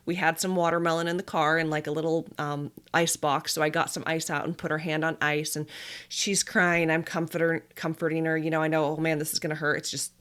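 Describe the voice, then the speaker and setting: A woman in her thirties hosts a podcast and tells a family story in a relaxed monologue. Her voice sits low for a woman, and she talks in a chatty, animated way, dropping in small laughs as she goes. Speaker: podcast host; dietitian and mother.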